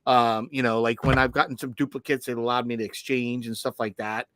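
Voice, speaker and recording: A man's voice: medium pitch, level tone, fairly quick, fairly bright tone, no room sound. Male podcast co-host, rambling casual storyteller, dry close mic. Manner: rambling storyteller, many restarts. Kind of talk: casual chat.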